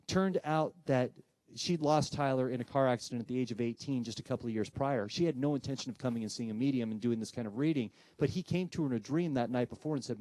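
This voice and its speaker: A man's voice: mid-range voice, fast, no echo. A man giving a live presentation to an audience, telling a story and acting out the voices in it. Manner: animated storyteller who acts out voices in quoted dialogue. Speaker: presenter giving a talk on spirit communication.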